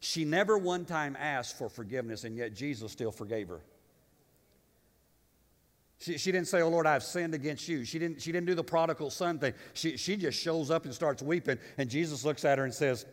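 A man preaching a sermon as pastor, swinging from booming proclamation to quiet conversational asides and often repeating his words. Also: lively intonation, normal speed, long reverb tail.

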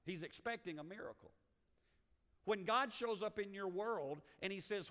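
A man's voice: high-pitched, moderate pace, pushed and bright, in a large hall. A man preaching a sermon as a pastor, talking emphatically with frequent restarts and building in volume.

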